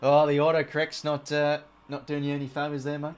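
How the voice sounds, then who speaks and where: An Australian man hosting a live watch-along, calling the play as it happens, getting excited on big plays and chatting to his viewers in between. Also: a little high, brisk, background noise. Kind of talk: live play-by-play commentary over a match.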